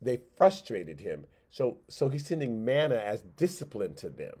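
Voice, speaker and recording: A man teaching a Sunday school Bible lesson, talking casually and with plenty of animation. He keeps repeating his points and drops into quick spoken asides for the characters in the story. His voice sits at an ordinary middle pitch for a man. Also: animated, dark tone. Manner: conversational, repeats phrases.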